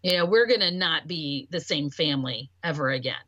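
Bright-voiced woman telling a personal story. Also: deep voice, expressive, a little fast, no echo. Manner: voices quoted speech. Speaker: podcast talker. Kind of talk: casual conversation.

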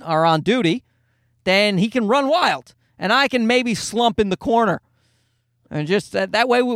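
Guy with a high voice doing a sweary comedy podcast rant, dry close sound. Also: a bit bright, no room sound. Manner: rambling, profane, self-deprecating. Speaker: podcast host and stand-up comedian. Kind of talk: comedic storytelling.

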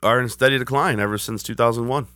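A man co-hosting a podcast, chatting and speculating about a TV episode in a relaxed way. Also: mid-range voice, fast, no room sound. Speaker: podcast co-host. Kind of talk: casual episode discussion.

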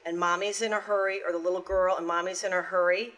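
A woman's voice: lowish voice, flat delivery, fast, a bit bright. A woman co-hosting a casual chat show, reading items from a list and acting out what parents say. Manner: reads out a list, acts out quoted parents. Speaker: co-host.

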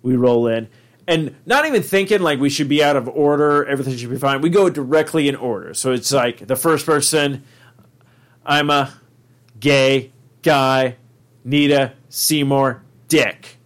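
A man's voice: medium pitch, fairly quick. A man hosting a podcast, telling a long comic story in a rambling way, full of fillers and casual swearing. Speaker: podcast host.

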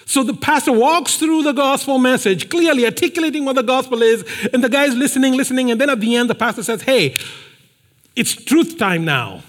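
A man's voice: very high voice, fast talker, few pauses, in a large hall. A man preaching a sermon, telling a story and stressing points by repeating phrases. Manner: emphatic, repeats phrases for effect.

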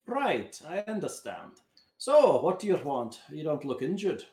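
A man's voice: fairly high pitch, big pitch swings, a little slow, warm tone. A man voicing a wry, oil-stained female shopkeeper who sells spells, in an echoey room. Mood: dry.

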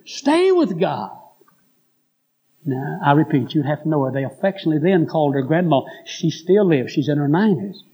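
A man's voice: a little high, quick pace, few pauses, warm tone, breathy edge, low-quality recording. A man who is a preacher, telling a story in an earnest, repetitive sermon style with folksy phrasing.

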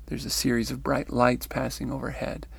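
A man giving reflective commentary on near-death accounts, thoughtful and musing, with pauses and restarts. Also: medium pitch, completely flat delivery, vocal fry, breathy edge. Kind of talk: reflective spoken commentary with read-out quotes.

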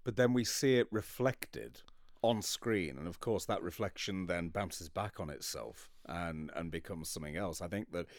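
A man's voice: sits low, moderate pace, no room sound, clean studio sound. A man chatting casually about films, enthusing with hesitant restarts. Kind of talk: casual film chat.

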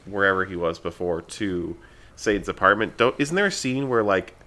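A man's voice: sits low, lively intonation, normal speed, sharp tone. A man co-hosting a casual film discussion, asking questions and joking loosely. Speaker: podcast co-host.

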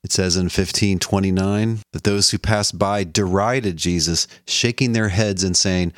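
A man's voice: low voice, steady tone, a little slow, few pauses, no echo, clean studio sound. A man giving an explanatory lecture on a biblical text in a conversational teaching manner, lifting his voice when he reads quotations. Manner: conversational teaching, quoting scripture with a lifted voice. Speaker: lecturer on the Bible.

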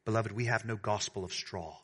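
A male pastor preaching a sermon, alternating between fervent, raised declarations and soft, hushed appeals to his congregation. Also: fairly low pitch, fairly quick, husky. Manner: swings from loud preaching to hushed tenderness; addresses the congregation as beloved.

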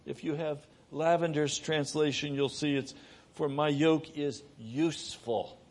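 Husky slow-spoken man preaching a sermon. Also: fairly high pitch, fairly even intonation. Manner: swings from raised urgent preaching to hushed soft speech.

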